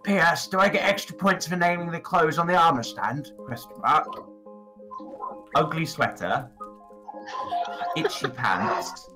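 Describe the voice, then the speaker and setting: A man's voice: on the high side, unhurried, long pauses, music in the background, voice pushed up, lightly acted, rough recording. A man voicing a cheerful male frog warrior who greets visitors in a bouncy, exclamatory, sing-song way. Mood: cheery.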